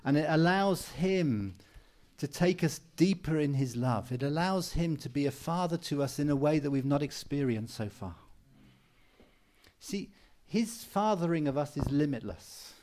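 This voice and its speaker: A man's voice: fairly high pitch, expressive, unhurried, darkish tone. A man preaching a sermon in an earnest, encouraging way, repeating phrases for emphasis. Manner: mimics people for humor with raised voice.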